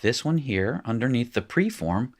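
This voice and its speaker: A man's voice: medium pitch, big pitch swings, normal speed. A man teaching a recorded language lesson, explaining in a chatty way and often correcting himself mid-sentence. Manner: chatty, self-correcting explanations with frequent fillers. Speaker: Hebrew teacher. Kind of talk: recorded screen-share lesson.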